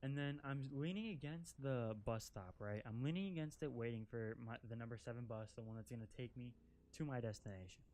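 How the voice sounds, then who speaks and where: A young man spins a loose, profane story for his viewers. His voice sits at an ordinary male pitch. Fillers like "like" and "right?" crowd every sentence. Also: brisk, darkish tone, slight background noise. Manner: rambling, profane, filler-heavy with constant "like". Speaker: vlogger. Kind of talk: casual storytime. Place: outdoors while driving an off-road vehicle.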